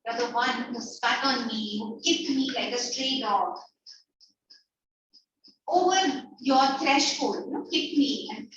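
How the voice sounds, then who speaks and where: High-voiced woman teacher, echoey distant call. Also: unhurried, fairly bright tone, slight background noise. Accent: Indian English. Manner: explains in plain words, repeats phrases, acts out lines. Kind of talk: online class lecture, paraphrasing a play. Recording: echoey, distant, dull online-call audio.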